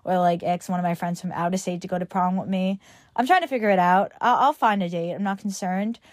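A woman's voice: on the low side, fairly quick, a little mellow, dry recording, clean studio sound. A teenage girl from Long Island hosts her podcast in a rambling casual chat, filling her sentences with "like". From Long Island, New York. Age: teens. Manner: rambling, fillers of "like" throughout. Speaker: podcast host.

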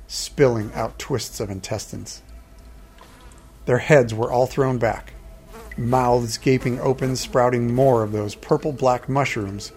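A man narrating a first-person fantasy story in a steady, measured storytelling manner. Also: mid-range voice.

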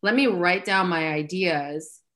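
A woman with a somewhat low voice talks through astrology in a relaxed podcast chat. She is earnest and explanatory, and her talk is dotted with likes and ums. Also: unhurried. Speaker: astrologer guest.

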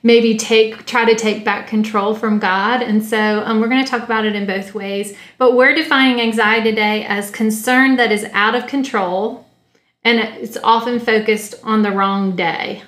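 Woman podcast cohost, kinda high voice, careful teaching tone, echoey. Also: steady tone, moderate pace, fairly bright tone. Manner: thoughtful, explains step by step. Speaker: podcast co-host. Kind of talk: teaching-style discussion. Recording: roomy echo.

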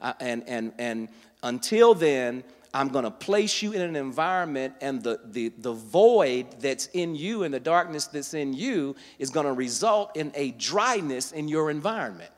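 A man preaching a sermon as pastor, teaching from scripture and building to fervent, loud delivery. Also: mid-range voice, expressive, a little slow, long reverb tail.

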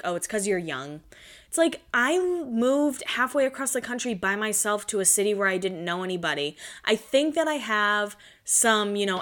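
A woman's voice: lowish voice, fairly bright tone. A woman in her twenties recapping a reality show in casual chat. She swears often and acts out the quotes. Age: 20s.

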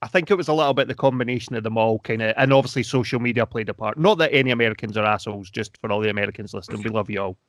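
A Scottish man co-hosting a casual chat, wry and quick to joke and laugh. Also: on the low side, dry recording, studio quality. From Scotland. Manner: wry, joking asides, laughs easily.

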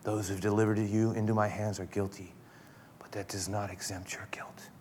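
A man voicing a calm, solemn Jesus in a hushed, slow, breathy whisper. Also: lowish voice, slight background noise, voice pushed down, natural voice.

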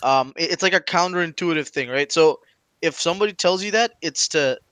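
A man from Aruba chatting casually, agreeable and quick to back others up. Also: a little high, a bit bright, clear, resonant tone, no room sound. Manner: agreeable, backs others up with repeated "yeah". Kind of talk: casual chat.

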